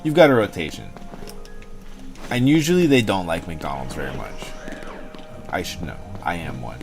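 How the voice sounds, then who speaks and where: A man's voice: low-pitched, lively intonation, moderate pace, gravelly, pauses often, over music. A young man hosting a livestream, rambling and joking casually with his chat, swearing freely. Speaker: livestream host.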